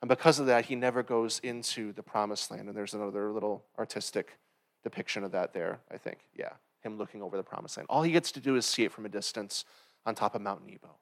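A man's voice: on the low side, fast, gravelly. A man preaching a sermon in a conversational way, often checking in with "right?" and acting out brief quotes. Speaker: pastor.

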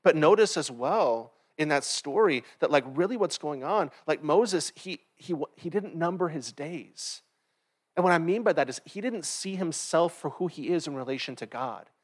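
A pastor delivering a sermon in an easy, conversational manner. His voice sits a little on the high side, and he keeps checking in with listeners with quick asides. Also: expressive. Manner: conversational preaching with frequent "right?" asides.

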